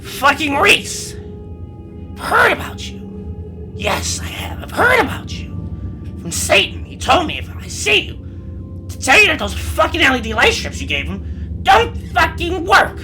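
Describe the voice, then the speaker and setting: A man voicing a tiny, angry male green demon who talks in a growly voice, shouting and swearing. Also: very high-pitched, wildly swooping pitch, a little slow, faint music behind, pitched above the performer's own voice, full character voice. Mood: furious.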